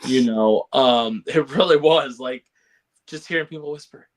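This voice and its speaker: A man's voice: mid-range voice, measured pace. A man co-hosting a casual podcast chat, rambling with lots of fillers and laughs. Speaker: podcast co-host.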